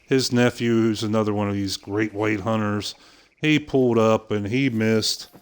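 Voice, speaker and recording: Casting note: older male streamer, lowish voice, animated storyteller, salty language. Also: moderate pace, smooth. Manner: animated anecdote-telling with impressions and swearing. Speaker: gaming streamer. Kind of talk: casual storytelling while playing.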